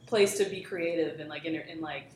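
A woman's voice: deep voice, brisk, a little mellow. A woman casually telling a long work anecdote on a podcast, full of fillers and restarts. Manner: rambling storyteller, many fillers and restarts. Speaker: guest telling a work story. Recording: roomy echo, faint background noise.

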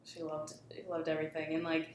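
A woman's voice: low-pitched, completely flat delivery, fairly quick, darkish tone. A woman rambles through a work story on a casual podcast, piling up fillers and restarting her sentences. The room rings with some echo, and a faint hiss sits underneath. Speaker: guest telling a work story. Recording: roomy echo, faint background noise.

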